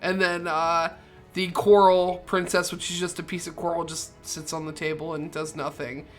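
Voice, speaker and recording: A woman's voice: on the low side, flat delivery, normal speed, faint music behind. A woman narrating a tabletop role-playing game as game master.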